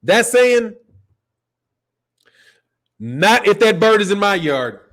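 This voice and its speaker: High-pitched chicago guy hosting a boxing live stream, rambling, swearing, laughing a lot. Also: sing-song, slow, a bit bright. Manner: loose, profane, laughs often, rambling. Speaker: boxing channel host. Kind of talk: casual live-stream rant.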